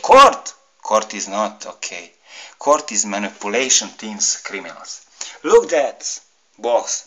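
A middle-aged man from Serbia with a Serbian accent, ranting to camera in halting, broken English, heated and pleading. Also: medium pitch, fairly bright tone, rough recording. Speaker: vlogger. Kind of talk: emotional rant to camera.

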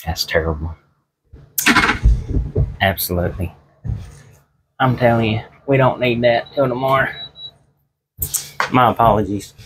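A man's voice: mid-range voice, a little slow, pauses often, background noise. A man vlogging from his small home office, chatting casually and telling corny jokes in a folksy, self-deprecating way. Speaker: eBay reseller and vlogger.

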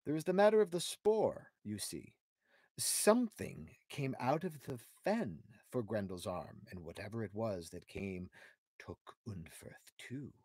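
A man reading aloud as a calm, shrewd young warrior hero who speaks in a measured, reasoning way. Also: lowish voice, breathy edge, no room sound, studio quality, full character voice. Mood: steady.

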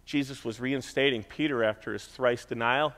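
A man's voice: medium pitch, steady tone, moderate pace, fairly bright tone, long reverb tail. A middle-aged man preaching a sermon in a conversational way, stressing points by repeating them. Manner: conversational preaching with emphatic repetition. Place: church.

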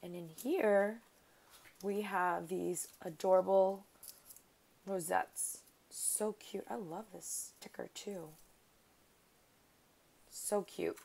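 A woman talks through a craft unboxing at her desk, excited and effusive, full of thank-yous. Her voice has a gravelly fry to it, and she speaks at an unhurried, drawn-out pace. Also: medium pitch, a little hiss or hum, poor audio. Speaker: craft vlogger. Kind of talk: casual unboxing chat.

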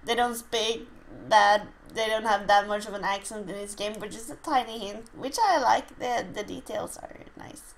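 A woman's voice: medium pitch, fairly even intonation, unhurried, slight background noise, low-quality recording. A woman from Norway with a Norwegian accent, chatting casually through a game and startling easily. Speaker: let's play host. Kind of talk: casual gameplay commentary.

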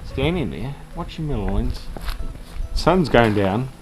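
A man with a New Zealand accent telling a fishing story outdoors on a harbour shore, animated and swearing freely. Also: medium pitch, slow, loud music behind the voice, low-quality recording. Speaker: fishing and hunting vlogger. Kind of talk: casual outdoor chat.

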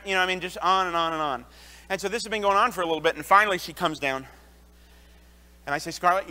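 Earnest preacher with a bright, high voice. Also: male voice. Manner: earnest, confessional preaching with personal stories and frequent restarts. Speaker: associate pastor. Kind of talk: sermon. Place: church sanctuary. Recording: long church hall reverb.

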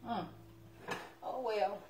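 A woman's voice: mid-range voice, drawn-out words, very noisy. A woman cooking at home on a live stream, chatting and teasing as she talks to her viewers. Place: home kitchen. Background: clatter of dishes and cutlery.

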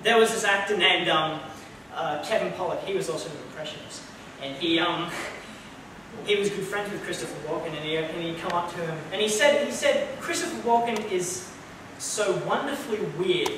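A man's voice: sits high, fairly quick. A man chatting loosely between impressions on stage at a community hall, admitting he is unprepared. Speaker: impressionist performer. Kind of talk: live stand-up impressions show. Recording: echoey hall from far off, noisy.

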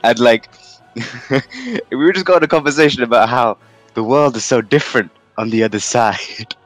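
A man's voice: mid-range voice, expressive, normal speed, dry recording, soft background music. A man from London, casting a game tournament in a rambling, jokey way and laughing often. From London, England. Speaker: tournament caster. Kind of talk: casual game commentary.

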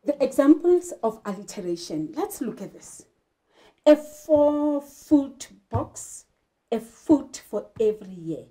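A woman's voice: mid-range voice, sing-song, normal speed, few pauses, mellow. A woman teacher from South Africa giving an English literature lesson, emphatic and asking rhetorical questions. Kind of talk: classroom lesson.

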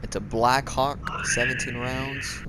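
Laughing teen gamer on noisy voice chat. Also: male voice, medium pitch, level tone, takes it slowly. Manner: laughing, exclaiming, swearing. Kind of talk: casual gaming voice chat.

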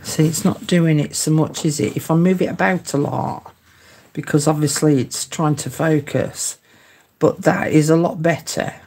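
A woman's voice: sits low, steady tone, moderate pace, mellow, slight background noise. A woman hosting a casual craft tutorial livestream, chatting as she works and greeting viewers in the live chat by name.

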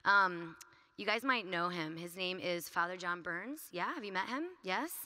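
A woman giving an earnest, energetic talk at a youth conference, speaking quickly and casually with frequent "like" and "right?". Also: fairly low pitch.

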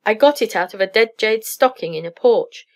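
A woman voicing a rakish, nervous male poet rogue in a read-aloud story, her voice a little higher and louder on his lines. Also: lively intonation, normal speed, close to an everyday voice. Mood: bold.

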